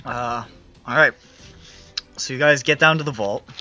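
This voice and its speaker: A man's voice: mid-range voice, unhurried, bright, forceful tone. A man running a tabletop game as game master, narrating in a loose, casual way. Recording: muffled audio with faint music.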